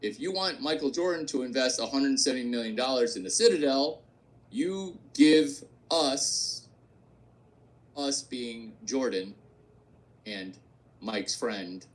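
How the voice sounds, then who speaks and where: A man's voice: mid-range voice, takes it slowly. A man hosting a provocative solo rant, brash and crude, repeating his points for effect. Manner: brash, repetitive, crude joking. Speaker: host.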